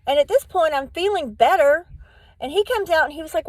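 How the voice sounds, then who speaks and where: High-voiced woman telling a rambling story. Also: lively intonation, a little fast, dry recording, poor audio. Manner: candid, rambling, acts out quotes in the telling. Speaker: vlogger. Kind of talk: casual storytelling to camera.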